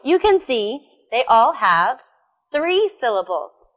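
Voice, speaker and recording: A young woman teaching English pronunciation, speaking slowly and carefully as in a classroom. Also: fairly high pitch, big pitch swings. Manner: slow, careful classroom enunciation. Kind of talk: recorded pronunciation lesson. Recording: soft music behind.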